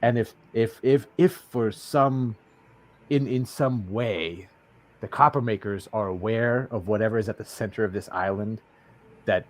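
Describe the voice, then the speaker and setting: A man playing a tabletop game in character, talking in a halting way with many restarts. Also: medium pitch. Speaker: player.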